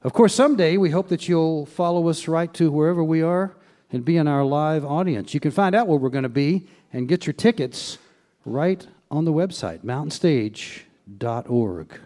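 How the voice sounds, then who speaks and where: A man's voice: fairly high pitch, moderate pace, warm tone. A man hosting a live radio music show, introducing bands in an easygoing, folksy way. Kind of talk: live stage show announcing. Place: theater stage with live audience.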